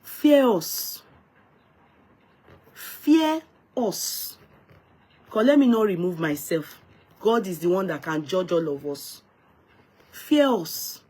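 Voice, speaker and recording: A Nigerian woman hosts a live stream off the cuff. She talks emphatically and lectures her viewers, often repeating and restarting her words. She greets people one by one by name. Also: medium pitch. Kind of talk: unscripted live-stream commentary.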